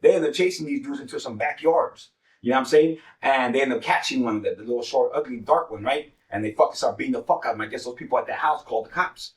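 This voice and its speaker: Fast-talking streetwise man, roomy sound. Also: medium pitch, recorded from a distance. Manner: profane, streetwise slang, repeats "money" as a filler. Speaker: show host telling a street story. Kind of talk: casual storytelling.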